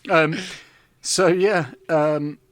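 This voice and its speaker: A man, co-hosting a podcast in casual chat and recommending things enthusiastically with quick asides. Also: fairly high pitch, steady tone, dry recording. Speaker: podcast co-host.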